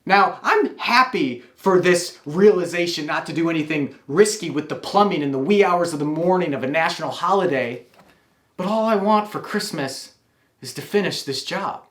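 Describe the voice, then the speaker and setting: A man's voice: on the high side, expressive, moderate pace, a bit bright, echoey room. A man telling a wry, confessional personal story.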